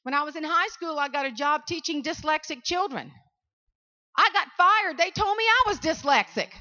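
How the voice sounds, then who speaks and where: A Southern woman with a high, bright, ringing voice tells stories to a room of students and keeps calling out "y'all". She is lively and animated. The recording sounds a little dull and lo-fi. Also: normal speed. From South Carolina, US. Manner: animated storytelling, calls out to the audience. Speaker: motivational speaker. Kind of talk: motivational speech to students.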